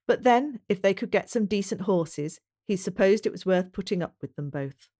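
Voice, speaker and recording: A woman reading a historical novel aloud as audiobook narrator, measured and even. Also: lowish voice. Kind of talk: storybook narration.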